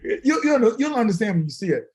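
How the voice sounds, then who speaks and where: A man's voice: very high-pitched, a little fast, low-quality recording. A man who is a guest musician, telling stories in a casual chat, acting out the voices of the people he quotes and laughing often. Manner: animated, laughing storyteller who acts out quotes.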